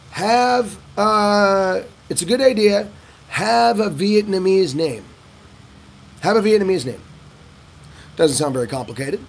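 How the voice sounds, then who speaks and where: Animated gravelly man vlogging. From United States. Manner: animated, swearing, acting out dialogues with lively shifts in pitch and pace. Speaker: vlogger giving advice on living in Vietnam. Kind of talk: casual Q&A monologue.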